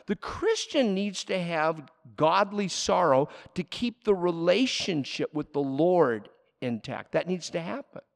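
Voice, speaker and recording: Animated preacher in a reverberant hall. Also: male voice, sits high, vocal fry. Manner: animated, shifts between loud emphasis and quiet asides. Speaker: pastor. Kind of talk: sermon.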